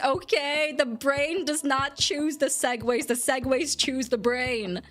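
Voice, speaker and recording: A woman's voice: high-pitched, normal speed, hardly any pauses, fairly bright tone, faint music behind. A woman streamer chatting casually with her viewers, rambling and giggling as she answers chat.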